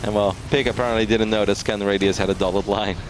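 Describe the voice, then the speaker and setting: A man's voice: lowish voice, animated, moderate pace, noisy background. Chatty laughing male esports caster. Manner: chatty, laughs often, tells anecdotes. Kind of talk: live esports commentary.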